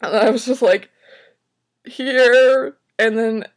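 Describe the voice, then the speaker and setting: A woman's voice: medium pitch, brisk. Exasperated young woman telling a story. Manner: dramatic, exasperated, swears freely, lots of "like". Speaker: vlogger. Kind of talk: casual storytelling vlog.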